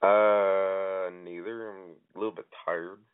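A man in his twenties calling in to a radio show, speaking in a hesitant, flat, deadpan way. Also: deep voice, takes it slowly, clean tone. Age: 20s. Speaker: caller. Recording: tinny phone line.

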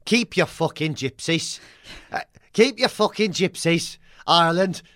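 A man's voice: on the high side, expressive, a bit bright, no echo, clean studio sound. A man doing a sneering, petty politician. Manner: sneering, slow and menacing. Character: petty, spiteful male British politician.

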